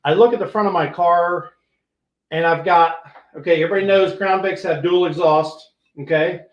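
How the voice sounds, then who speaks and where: An older man, a retired police sergeant, hosting a podcast and telling an animated, profane story that acts out what people said. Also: high voice, moderate pace, echoey room, lo-fi sound. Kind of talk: casual storytelling.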